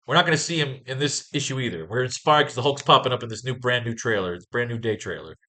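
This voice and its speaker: A man's voice: mid-range voice, lively intonation, fast talker, bright, forceful tone. A man teaching a writing class, talking casually and with lots of swearing as he plans comic pages and reads panels aloud. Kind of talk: casual comic-planning talk.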